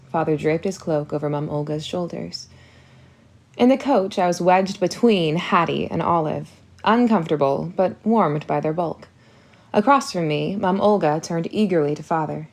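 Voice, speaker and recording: A woman narrating a first-person audiobook in a measured storytelling manner. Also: on the low side, darkish tone.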